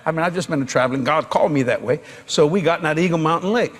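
A man who is a traveling evangelist, telling a comic story in a folksy, animated way, laughing and bursting into shouts. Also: fairly high pitch, racing. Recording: noisy background.

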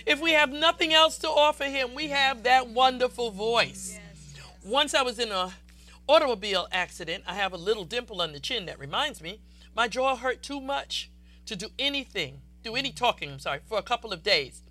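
A woman preacher delivering a fervent, exuberant sermon that swells into loud declarations. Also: fairly high pitch, lively intonation, normal speed, soft background music.

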